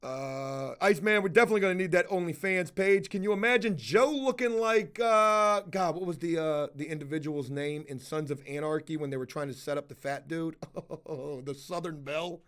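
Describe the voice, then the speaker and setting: A man with a high voice talks on a casual live stream. He is profane and animated, and he tells a story while shouting out viewers in the chat. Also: moderate pace, clear, resonant tone.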